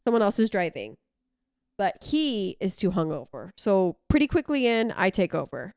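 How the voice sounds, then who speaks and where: A woman's voice: medium pitch, very animated, a little mellow, no echo, studio quality. A young adult woman from Missouri co-hosting a podcast, playful in casual chat. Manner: playful, quick interjections. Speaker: podcast co-host.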